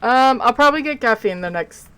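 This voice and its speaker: A woman's voice: on the high side, expressive, a little fast, fairly bright tone, smooth, low-quality recording. A woman streamer talking casually to her viewers while she plays, rambling and sleepy, yawning between remarks. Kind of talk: casual live gameplay commentary.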